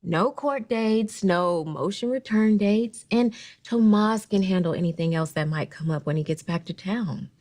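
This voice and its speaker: An actress playing a persuasive, doting wife in a soap opera clip, coaxing and reassuring. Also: female voice, mid-range voice, unhurried, a little mellow, close to an everyday voice. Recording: clip with faint music underneath.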